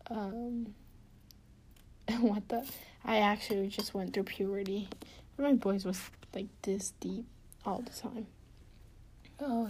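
A woman chatting intimately and casually to her partner, giggly and rambling in a soft, often half-whispered voice. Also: mid-range voice. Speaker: podcast host talking to her partner. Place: indoors at home.

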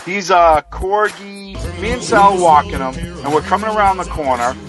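A man's voice: high-pitched, normal speed, over music. A man telling a heated, profane story in casual podcast chat. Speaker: podcast co-host.

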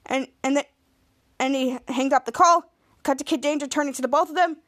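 A woman's voice: high-pitched, brisk, a bit bright. A woman hosting a podcast, chattily recapping a TV episode in a rambling, self-correcting way. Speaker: podcast host.

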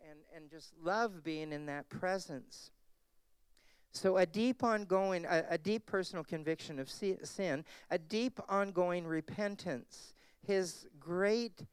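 Slow, gentle-voiced man preaching. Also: fairly high pitch, clean tone, no echo. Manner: slow, heartfelt, conversational preaching with soft laughs. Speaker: pastor. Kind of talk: sermon.

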